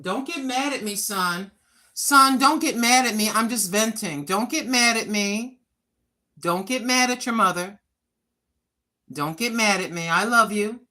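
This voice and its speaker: Blunt, bright-voiced woman in her sixties. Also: on the high side, measured pace. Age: 60s. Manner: blunt, frustrated, swearing freely. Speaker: livestream host. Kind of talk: casual livestream venting.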